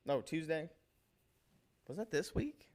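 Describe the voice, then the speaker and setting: A man's voice: a little high, lively intonation, slow pace, a little mellow. A man hosting a casual livestream, rambling with enthusiasm and tripping over names as he talks through fan work. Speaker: livestream host showing painted miniatures.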